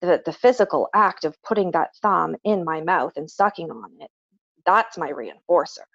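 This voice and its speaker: A woman's voice: fairly low pitch, animated, normal speed, no echo. A woman working as a behavior analyst, explaining patiently with everyday examples in a casual podcast chat. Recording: dull, slightly lo-fi dry recording.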